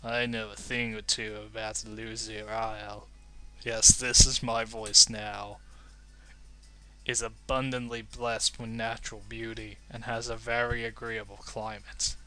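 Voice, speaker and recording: British wanderer, low and formal, read by a man. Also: flat delivery, unhurried, bright, forceful tone, smooth. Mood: measured. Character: well-travelled wanderer man.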